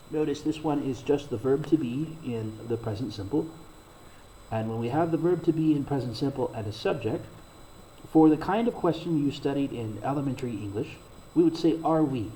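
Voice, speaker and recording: A man giving a recorded English grammar lesson, explaining slowly and deliberately and reading out example sentences. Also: mid-range voice, warm tone, a little hiss or hum, rough recording. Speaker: English teacher.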